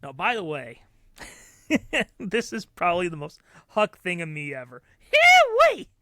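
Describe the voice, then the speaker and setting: A man tells stories on a podcast with a high, very lively voice that swoops up and down. He acts out the people in his stories. The sound is bright and dry, close on the mic. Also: measured pace, no room sound. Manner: animated storyteller who acts out loud quoted voices. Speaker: podcast co-host. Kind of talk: casual storytelling chat.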